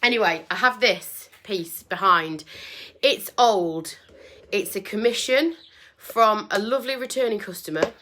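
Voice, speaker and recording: A woman with a mid-range, sharp-toned voice speaks at a measured pace while hosting a casual livestream from her home, where the doors are open. A furniture painter, she's chatty and self-deprecating and says "um" a lot.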